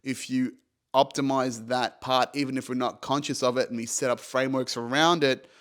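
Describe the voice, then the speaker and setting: A man's voice: mid-range voice, fairly even intonation, normal speed, a bit bright. A man hosting a podcast, talking casually and candidly, swearing now and then with enthusiasm. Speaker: podcast host. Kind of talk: casual solo podcast talk.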